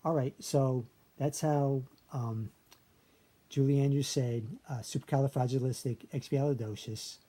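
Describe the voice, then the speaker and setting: In an unhurried, mellow voice that sits mid-range and stays steady, a video creator demonstrates a memory trick. The screen-share lesson is casual and step by step, with syllables counted aloud and "okay" following nearly every phrase.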